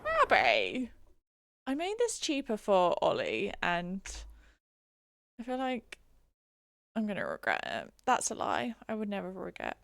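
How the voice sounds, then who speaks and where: A woman's voice: mid-range voice, huge pitch swings, measured pace, vocal fry, dry recording, studio quality. A young woman from England chatting casually on a live stream, giggly and reading chat aloud into a desk mic. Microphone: desk mic she keeps bumping.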